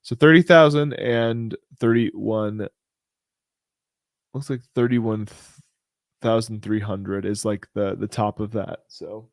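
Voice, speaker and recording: A man's voice: fairly low pitch, fairly even intonation, takes it slowly, gravelly, no room sound, studio quality. A man hosting a casual crypto show, talking through price charts in a rambling, chatty way with lots of fillers and restarts. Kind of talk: casual live chart commentary.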